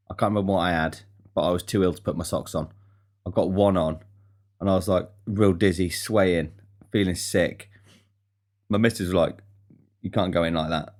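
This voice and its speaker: A young man with a low voice hosts his own podcast. He talks bluntly and swears his way through a casual rant. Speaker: podcast host. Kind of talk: casual monologue.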